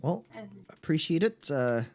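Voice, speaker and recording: Male tabletop player, lively pitch, sarcastic, mock-formal in character. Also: unhurried. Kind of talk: casual tabletop role-play.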